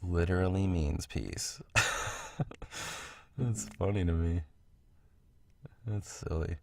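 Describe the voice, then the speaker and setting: A man's voice: low-pitched, fairly even intonation, extremely slow, gravelly, no room sound. A man hosting a casual solo podcast from home, rambling, interrupting himself and laughing at his own tangents. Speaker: podcast host. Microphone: home recording mic.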